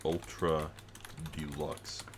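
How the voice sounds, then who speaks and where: Low-voiced man teasing a friend. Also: little pitch movement, drawn-out words, noisy background. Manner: teasing, wry. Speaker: streamer. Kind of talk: casual banter.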